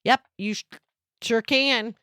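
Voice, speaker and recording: A woman co-hosting a casual couple podcast at home, halting and giggly, with plenty of fillers. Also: fairly high pitch, big pitch swings, fairly bright tone, dry recording, clean studio sound. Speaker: podcast co-host. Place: at home, cat in the room.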